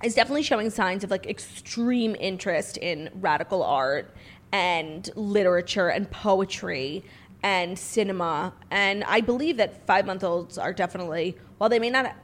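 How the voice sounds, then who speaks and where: An easygoing woman co-hosting a podcast, chatting casually at a mid-range pitch. She agrees readily and strings thoughts together with "like.". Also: moderate pace. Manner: easygoing, agreeable, many fillers. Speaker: podcast co-host. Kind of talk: casual chat.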